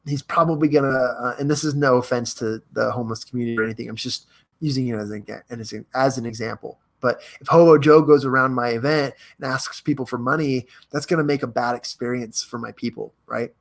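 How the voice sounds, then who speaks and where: A young man hosts a motivational live stream in a chatty, energetic way. His voice sits in an ordinary middle pitch, and he talks straight to his viewers as he reads out their comments. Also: a little fast. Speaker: host.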